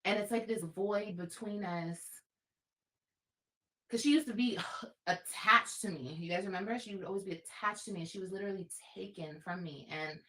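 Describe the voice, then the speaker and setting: A woman's voice: mid-range voice, moderate pace, pushed and bright. A woman talking live to her viewers, repeating herself and sinking to a near-whisper, often tearful. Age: adult. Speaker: livestream host. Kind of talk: emotional livestream talk.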